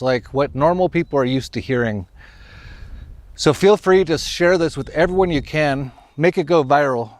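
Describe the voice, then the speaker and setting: A man's voice: on the high side, no echo. A man hosting an online video, talking casually to his viewers. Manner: chatty, addressing viewers directly. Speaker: video host. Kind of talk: casual commentary.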